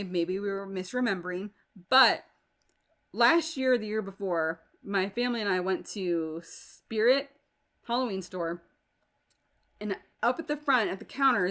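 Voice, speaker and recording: Emphatic woman hosting a solo podcast. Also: mid-range voice. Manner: animated, emphatic, incredulous. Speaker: podcast host.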